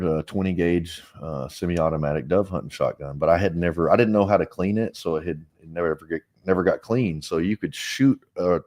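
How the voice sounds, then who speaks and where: Low-voiced man telling his story frankly. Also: a little mellow. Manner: frank, earnest, rambling with frequent "like" and restarts. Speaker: interview guest, foundation director. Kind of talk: personal storytelling in an interview.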